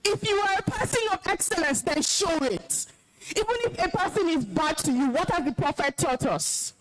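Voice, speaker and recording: Woman, Nigerian accent, young adult, high voice, very animated pitch, stern scolding, emotional, commanding school talk. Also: normal speed, noisy background. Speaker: alumna speaker at school event. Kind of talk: stern address to students.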